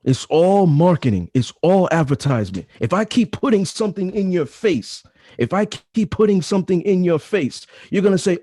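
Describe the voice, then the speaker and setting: A man's voice: sits high, big pitch swings, moderate pace, dark tone, no room sound, studio quality. A man in his thirties, a podcast guest talking casually, with emphatic, repetitive advice-giving. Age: 30s. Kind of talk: casual chat.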